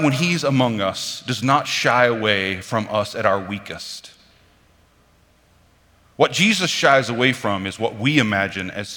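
A man preaching a sermon in a conversational, animated way, now and then acting out the voices of people in the story. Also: mid-range voice. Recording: reverberant hall.

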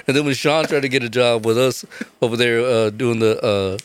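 A man's voice: medium pitch, fairly quick, background noise. A young man on a casual podcast, telling stories with lots of swearing and acting out the voices of the people in them. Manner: animated storyteller, acts out quotes, swears a lot. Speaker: podcast host. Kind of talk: casual chat.

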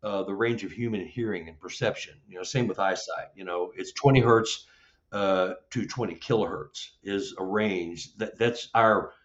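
A middle-aged man telling a story as an interview guest, acting out the dialogue with lively jumps in his voice. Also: normal speed. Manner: animated, acts out dialogue with rising pitch. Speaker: Sasquatch investigator, guest. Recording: dull lo-fi audio.

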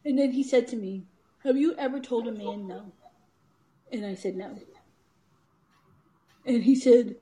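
Poor audio carries a woman's slightly high, warm voice. She's an author and speaker being interviewed, recounting something personal with candor, often laughing and mimicking what others told her.

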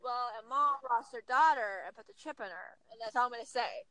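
A woman in her thirties talking casually as a podcast guest, telling stories with lively acted-out quotes. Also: a little high, brisk, no echo, poor audio. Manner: animated storyteller, acts out quotes. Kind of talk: casual chat.

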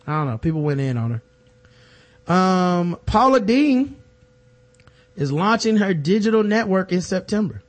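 A man's voice: high voice, big pitch swings, a little slow, long pauses. A man co-hosting a podcast in casual, profane, joking chat. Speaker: podcast co-host.

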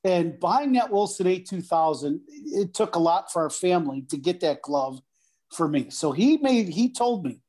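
A man's voice: sits high, moderate pace. Middle-aged man telling a baseball story. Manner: animated, acts out voices in anecdotes. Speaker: former pro baseball player, guest. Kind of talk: casual storytelling.

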